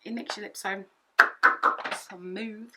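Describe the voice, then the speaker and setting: A young woman chatting through a makeup tutorial at home, excitable and rambling, often repeating herself. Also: mid-range voice, takes it slowly, very noisy. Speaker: beauty vlogger.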